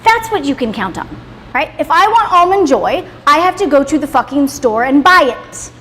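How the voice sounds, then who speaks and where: Her voice sits high, sing-song and sharp-toned at a moderate pace as this thirtysomething woman leads a motivational class. Emphatic and freely swearing, she ends points with "right?". The salon, in a roomy hall, is reverberant with faint background noise.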